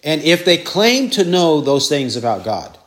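A man's voice: a little high, big pitch swings, unhurried, fairly bright tone. A man preaching an expository sermon, repeating verse references and asking rhetorical questions.

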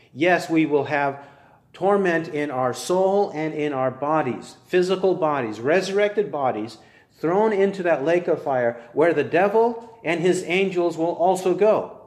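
A man preaching a sermon, building his points through earnest, measured rhetorical questions. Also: fairly high pitch, a little mellow, reverberant.

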